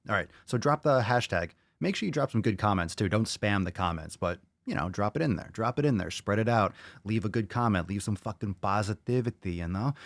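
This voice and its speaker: A man with a low voice hosts a casual podcast, ranting to his listeners and swearing freely. He talks on a close mic in a dry room with no echo. His delivery is loose, profane and full of drive. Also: lively intonation, brisk. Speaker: podcast host. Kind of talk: casual livestream podcast chat.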